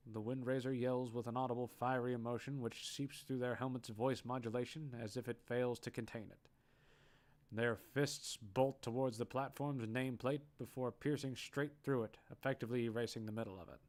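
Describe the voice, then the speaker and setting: A man's voice: medium pitch, fairly even intonation, normal speed, a little mellow. A man narrating audition scripts aloud, reading steadily and correcting small slips as he goes. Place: online voice chat.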